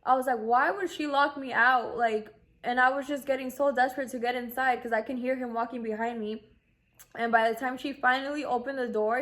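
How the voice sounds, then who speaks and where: A woman's voice: on the high side, fairly bright tone. A young woman in her twenties, casually telling a personal story, full of "like" and acting out what others said. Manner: chatty, acts out quoted voices, lots of "like". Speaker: vlogger.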